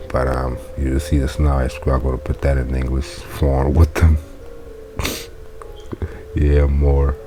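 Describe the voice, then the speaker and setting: A man reading a Latin textbook aloud and translating it as he goes, thinking aloud, correcting himself and chuckling at his slips. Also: rumbling low.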